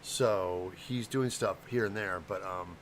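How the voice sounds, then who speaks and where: Speaking slowly in a low voice, a Midwestern livestream host in middle age chats casually with his viewers. He makes props, rambles freely, and fumbles names now and then. There's a faint hiss or hum in the audio.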